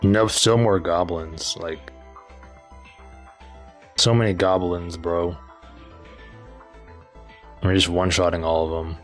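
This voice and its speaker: A man's voice: low voice, steady tone, slow pace, long pauses, faint music behind. A young man casually commenting on his game as he plays, laid-back and slangy. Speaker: gaming channel host.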